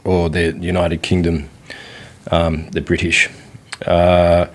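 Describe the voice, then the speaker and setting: An Australian man being interviewed in a relaxed, rambling way with many fillers and frequent laughs. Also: deep voice, takes it slowly. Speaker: interview guest. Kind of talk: casual interview chat. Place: indoors in India.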